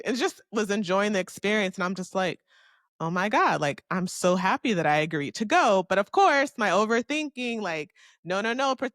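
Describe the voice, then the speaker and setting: A woman's voice: medium pitch, fairly bright tone, dry recording, studio quality. A young adult woman from Miami hosting a casual solo podcast, telling a story in a candid, chatty way, cursing freely and talking to herself. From Miami, Florida. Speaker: podcast host.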